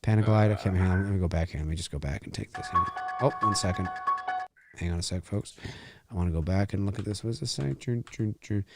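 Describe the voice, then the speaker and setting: A man hosting a podcast, giving animated live commentary on a movie like a showman. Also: low voice, quick pace, over loud music. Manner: animated, showman-like, keeps saying "ladies and gentlemen". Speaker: podcast host.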